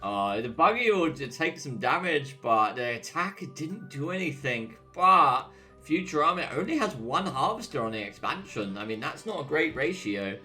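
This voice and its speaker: Young English man, bright voice, slangy chatty game commentary, faint music behind. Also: fairly high pitch, very animated, moderate pace. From England. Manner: chatty, banter-heavy, slangy. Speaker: game caster and streamer. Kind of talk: casual replay commentary.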